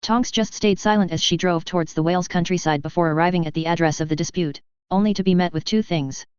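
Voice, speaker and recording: A narrator reads a fan fiction story in a very smooth, resonant voice at a steady, even pace. The recording is dry and slightly muffled, with no room sound around the voice. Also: medium pitch, quick pace, no room sound.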